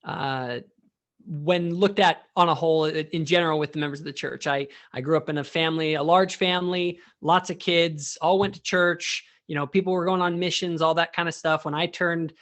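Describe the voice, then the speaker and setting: Man being interviewed, kinda higher voice, chill and straightforward, stumbles a bit. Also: steady tone, normal speed, a bit bright. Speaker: guest. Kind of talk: conversational interview answers.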